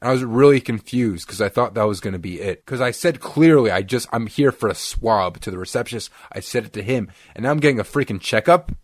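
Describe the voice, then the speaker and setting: Young male podcast co-host, animated storyteller, mid pitch, dry close sound. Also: quick pace, hardly any pauses, dry recording. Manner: animated, acts out quoted voices. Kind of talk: casual storytelling chat.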